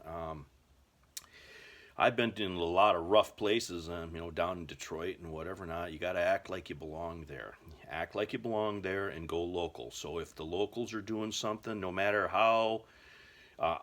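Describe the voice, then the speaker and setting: A man's voice: deep voice, a bit bright. An American man telling survival stories in a folksy, rambling way, full of filler words. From United States. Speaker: survival vlogger. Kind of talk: casual storytelling to camera.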